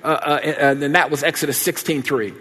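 Male preacher, storytelling sermon, a touch high-voiced, long hall reverb. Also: brisk, husky. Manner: folksy, animated storytelling with laughter.

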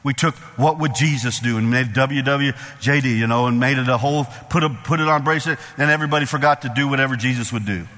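A man's voice: medium pitch, fast talker, few pauses, sharp tone. A man preaching a sermon as pastor, emphatic and repetitive, with call-and-response asides to the congregation. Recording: long hall reverb.

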